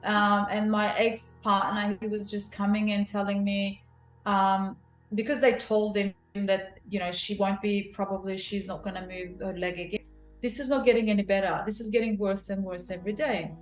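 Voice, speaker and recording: A woman in her forties tells her personal story as an interview guest, emotional and animated, with many restarts. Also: medium pitch. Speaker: guest, clinic founder. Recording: roomy echo, faint music.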